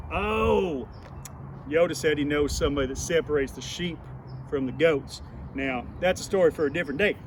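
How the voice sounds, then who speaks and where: Recorded outdoors with traffic noise, a high-voiced man plays a character as a children's Bible teacher. His folksy devotional for kids is rambling and playful.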